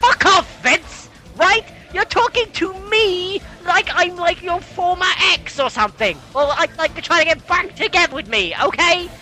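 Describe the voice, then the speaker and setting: A British man hosting a comedy show, swearing and ranting in exasperation with sudden shouts. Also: very high-pitched, moderate pace, few pauses, low-quality recording. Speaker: host. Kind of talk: comedic rant.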